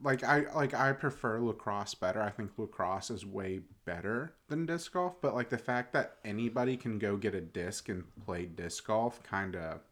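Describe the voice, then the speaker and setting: A man's voice: lowish voice, moderate pace, few pauses, fairly bright tone. A man co-hosting a casual podcast, joking and arguing playfully, often starting with "listen" and "like". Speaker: podcast co-host. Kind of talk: casual chat.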